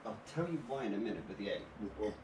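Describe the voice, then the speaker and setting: A man co-hosting a casual whisky tasting podcast, playful and quick to laugh. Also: on the low side. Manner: playful, animated, laughs often. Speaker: podcast co-host. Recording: distant camera mic in echoey room with faint noise.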